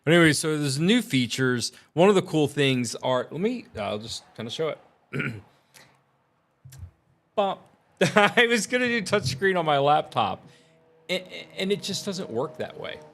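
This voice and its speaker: A man's voice: fairly high pitch, big pitch swings, a little slow, a bit bright. A man rambling casually about audio gear and his plans, with lots of fillers and easy laughter. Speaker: tech vlogger. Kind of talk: casual vlog chat.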